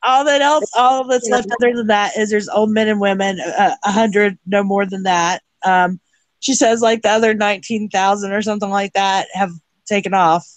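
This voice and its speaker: Book club member, mid-pitch, rambling summarizer, dry close sound. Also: steady tone, moderate pace, no echo, low-quality recording. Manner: rambling, many fillers while summarizing. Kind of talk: casual group chat over video call.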